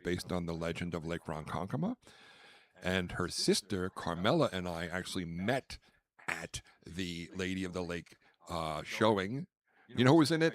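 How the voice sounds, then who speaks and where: Deep and slightly bright, the male podcast host's voice carries meandering stories told in easygoing chat. Along the way he mentions names and dramatizes the quotes.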